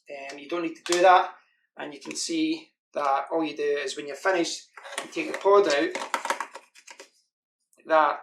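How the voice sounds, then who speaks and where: A man's voice: fairly high pitch, a bit bright. Chatty British man in echoey room. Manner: chatty, rambling with fillers. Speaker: product reviewer. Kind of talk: casual product demo. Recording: echoey room with faint hiss.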